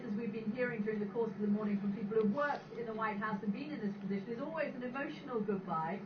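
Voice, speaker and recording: Woman news anchor, formal measured delivery, distant TV audio, echoey room, muffled, noisy. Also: mid-range voice. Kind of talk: broadcast news presenting. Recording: TV audio played in an echoey room, heard from afar, dull and noisy.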